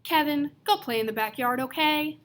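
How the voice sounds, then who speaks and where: Woman doing a calm young mom, patient and soothing, kinda high and bright. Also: moderate pace, slight background noise.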